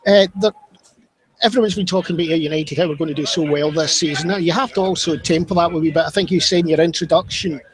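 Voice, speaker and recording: A man's voice: a little high, fast, crowd noise, low-quality recording. A Scottish man presenting a pre-match football show at a stadium, chatty and jokey, sometimes tripping over his words. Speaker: club media presenter.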